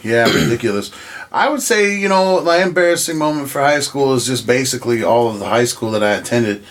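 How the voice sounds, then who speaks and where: A man's voice: mid-range voice, animated, fairly quick. A man on a podcast chatting casually, swearing freely and laughing as he talks. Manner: laid-back, profane, laughs while talking. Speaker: podcast co-host. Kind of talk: casual chat.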